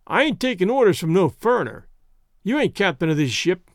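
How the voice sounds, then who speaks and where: A man's voice: high-pitched, very animated, brisk, no echo, clean studio sound. A man doing a surly sailor. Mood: sullen. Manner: sullen, surly. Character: sullen, defiant young male sailor.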